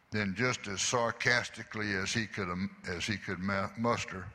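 A man's voice: on the low side, normal speed, hardly any pauses, pushed and bright. An older man, giving an earnest church testimony. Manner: earnest, confessional storytelling. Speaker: guest speaker giving testimony. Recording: echoey church hall.

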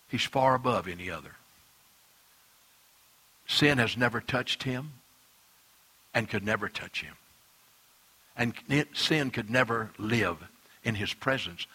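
Bright-voiced preacher. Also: male voice, on the low side, breathy edge. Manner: emphatic preaching with sudden loud and soft swings. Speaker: pastor. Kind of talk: sermon.

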